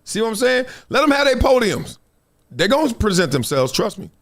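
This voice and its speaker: A man hosting a live sports talk show, animated and laughing often, dropping his voice for quoted asides. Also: high-pitched, fairly quick. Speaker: host.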